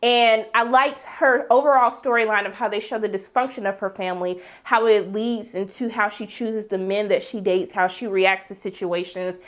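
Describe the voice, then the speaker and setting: A young woman reviewing a TV episode in a casual vlog, talking in a sassy, slangy way with big swoops up in pitch on exclamations. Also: fairly even intonation, moderate pace, hardly any pauses. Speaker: TV show reviewer.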